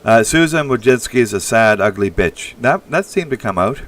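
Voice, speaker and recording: A man's voice: medium pitch, expressive, normal speed, hardly any pauses, fairly bright tone, distant mic. Blunt, rambling man on a livestream. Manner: rambling, blunt and crude, reacting to the chat. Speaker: livestream host. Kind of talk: casual live-stream chat.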